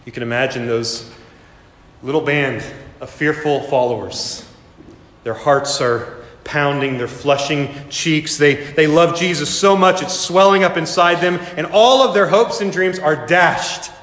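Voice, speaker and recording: A man's voice: on the high side, a little slow, a bit bright. Guy preaching a sermon, punchy and repetitive, lots of rhetorical questions, roomy echo. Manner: emphatic, repeats key phrases, rhetorical questions. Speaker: pastor. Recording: echoey hall with long reverb.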